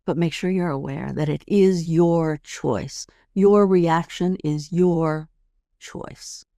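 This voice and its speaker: A middle-aged woman host talks listeners through a calming routine at an even, guiding pace. Her voice has a slight gravelly fry, recorded close and dry with no room sound. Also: low voice, takes it slowly, no echo. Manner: calm, guiding, demonstrates steps; adds "right?" to check in with listeners. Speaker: podcast host and tapping coach. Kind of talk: instructional podcast talk.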